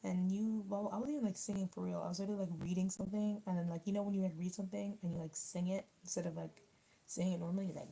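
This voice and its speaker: A woman's voice: medium pitch, steady tone, rapid-fire, creaky, mellow, poor audio. A young woman in casual livestream chat, rambling with lots of fillers as she answers comments while eating. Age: young adult. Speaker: YouTuber reading live chat.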